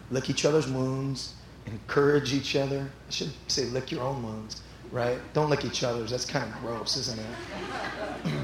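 A man pastor preaching a sermon, telling animated stories that build up to shouts. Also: mid-range voice, roomy sound, slight background noise, low-quality recording. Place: church sanctuary.

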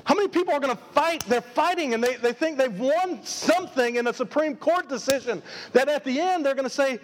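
A man's voice: very high voice, a little fast. A man preaching a live sermon as pastor, emphatic and full of repeated rhetorical questions. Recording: long reverb of a large hall.

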